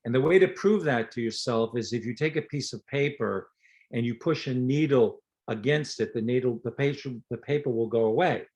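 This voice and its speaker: An older man talks in a relaxed interview, mixing anecdotes with plain teaching. He is a dentist and lecturer, and he acts out the lines of the people in his stories. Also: medium pitch, moderate pace, muffled recording. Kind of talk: storytelling interview talk.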